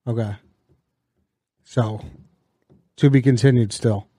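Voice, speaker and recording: A man's voice: mid-range voice, steady tone, slow pace, warm tone, husky, dry recording. An easygoing man with a mid-range voice co-hosts a casual podcast, mostly giving short replies and joking asides. The sound is dry and close. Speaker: podcast co-host. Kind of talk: casual chat.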